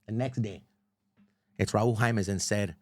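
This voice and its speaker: A middle-aged man, a radio host, telling stories as a guest in a casual, profane, animated way, often saying "bro.". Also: lowish voice, unhurried. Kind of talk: casual storytelling.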